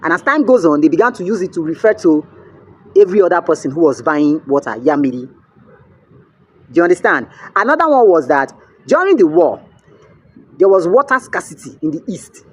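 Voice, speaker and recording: A man's voice: fairly high pitch, sing-song, moderate pace, long pauses, husky. A young man with a Nigerian accent, telling a story to camera in a chatty way and often checking in with the viewer. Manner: chatty, asks the viewer "you get?", mixes in pidgin. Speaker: vlogger.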